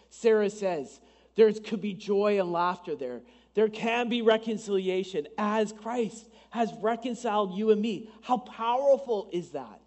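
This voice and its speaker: A man with a noticeably high voice delivers a Sunday sermon from the pulpit. He keeps it conversational, slipping in asides and acting out little bits of dialogue. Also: darkish tone, long reverb tail. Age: adult, married. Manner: conversational preaching with asides and dramatized quotes. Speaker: pastor.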